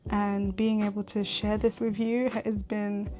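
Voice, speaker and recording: A woman's voice: mid-range voice, little pitch movement, unhurried, dark tone, faint music behind. A young woman in her twenties hosting a faith podcast, speaking earnestly and candidly and often repeating herself for emphasis. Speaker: podcast host.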